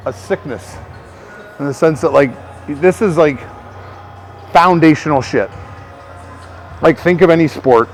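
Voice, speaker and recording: A man working as a personal trainer, rambling through casual coaching talk to the camera, swearing and filling gaps with "like". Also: on the high side. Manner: rambling, profane, filler-heavy.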